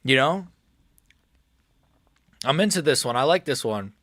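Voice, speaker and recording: A young man chatting casually during a live stream, excitable and rambling, and he keeps repeating how nervous he is. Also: medium pitch, a little slow, no echo, clean studio sound. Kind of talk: live watch-along chat.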